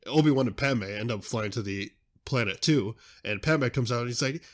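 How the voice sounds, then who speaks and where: A young man hosting a podcast in a casual, excitable, rambling way, often interrupting himself mid-sentence. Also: mid-range voice, moderate pace. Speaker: podcast host.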